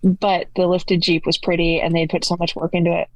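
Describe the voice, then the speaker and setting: A woman's voice: lowish voice, flat delivery, brisk, no room sound, rough recording. A woman in her forties from Canada, a podcast guest earnestly recounting her story in detail. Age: 40s. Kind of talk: storytelling interview answers.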